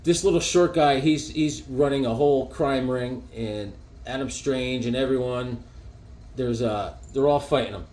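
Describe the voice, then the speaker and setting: A man's voice: mid-range voice, unhurried, darkish tone. A man casually chatting as he shows off his comic book collection, rambling and enthusiastic. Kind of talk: casual show-and-tell chat.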